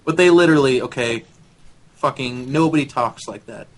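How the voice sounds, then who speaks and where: A young man co-hosting a podcast in casual chat, sarcastic, profane and quick to laugh. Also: medium pitch, a little hiss or hum, low-quality recording. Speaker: podcast co-host.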